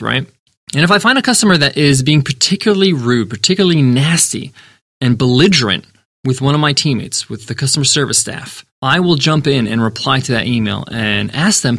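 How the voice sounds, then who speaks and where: A man's voice: medium pitch, a bit bright, no echo, clean studio sound. A man hosting a business podcast, answering a listener's question in an earnest, emphatic way and repeating words for stress. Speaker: podcast host and business founder.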